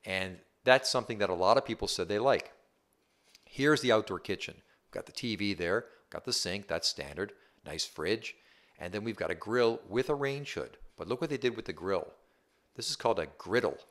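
Low-voiced man giving a home tour. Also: animated, moderate pace, a bit bright. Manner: upbeat, chatty, keeps asking the viewer "right?". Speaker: real estate agent. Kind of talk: casual home tour walkthrough.

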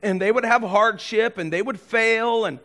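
A man with a notably high voice preaches a sermon as the pastor. He retells the story with animated energy and slips into the characters' voices as he goes. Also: moderate pace.

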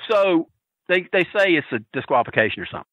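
Loud, lively storytelling man. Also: fairly high pitch, quick pace, no room sound, narrow, tinny audio. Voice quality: loud and boisterous, profane. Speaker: regular segment contributor. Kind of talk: loud storytelling, casual chat.

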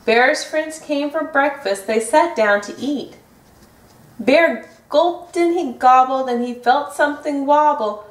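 A woman reading a picture book aloud to children in a gentle, sing-song way. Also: high-pitched, takes it slowly. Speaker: storybook reader. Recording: roomy echo from a distant mic.

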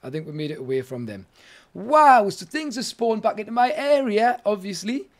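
A man's voice: high voice, big pitch swings, moderate pace. A man giving casual, jokey let's-play commentary, talking to himself and to chat as he plays. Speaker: gaming streamer.

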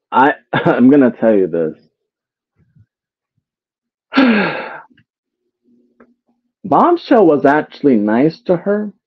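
A man's voice: medium pitch, no echo. Man, casual live commentary, exasperated, rhetorical questions, swears, dry tinny phone-like audio. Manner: exasperated, keeps throwing rhetorical questions at viewers; swears, repeats phrases. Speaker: commentary streamer.

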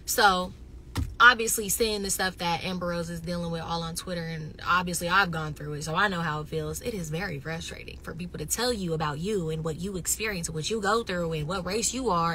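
A woman chatting casually with viewers on a phone livestream, animated and loud, swinging between excited bursts and near-whispers. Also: on the low side, slight background noise. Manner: says she is loud. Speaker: reality TV personality going live.

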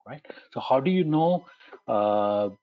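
A man's voice: mid-range voice, expressive, slow, phone-quality sound. A man presenting a conversational webinar talk, posing rhetorical questions, answering them, and often checking in with "right?".

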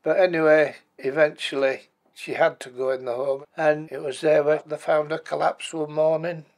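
Man in his eighties, gravelly and plain-spoken, telling his own story. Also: on the high side, level tone, moderate pace. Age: 80s. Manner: plain-spoken, matter-of-fact, blunt everyday words. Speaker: bereaved husband and former carer. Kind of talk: personal life story told for a documentary.

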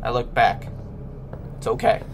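A gaming YouTuber gives nervous let's-play commentary on a horror game, his voice a little slow with slight background noise. He sounds jittery and keeps whispering reassurances to his viewers.

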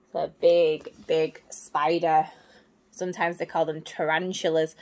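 Woman gently reading a story to children. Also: sits low, level tone, a little slow. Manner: gentle, questioning, explains to children. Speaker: teacher reading aloud.

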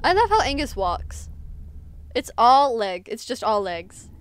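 A woman's voice: fairly high pitch, very animated, unhurried, a little hiss or hum. A young woman hosting a game playthrough, blurting out reactions over the game audio. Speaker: gaming video host.

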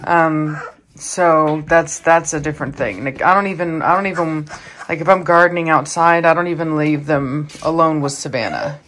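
Brief tired woman dog breeder, lowish voice, casual chatty vlog with fillers, faint noise. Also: moderate pace, a bit bright. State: tired, early morning. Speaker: dog breeder and channel host.

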